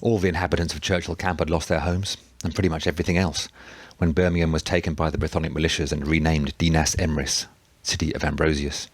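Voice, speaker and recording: A man reading a novel aloud in steady, measured narration. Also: a bass voice, slightly rough, no room sound. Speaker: audiobook narrator. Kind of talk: scripted narration.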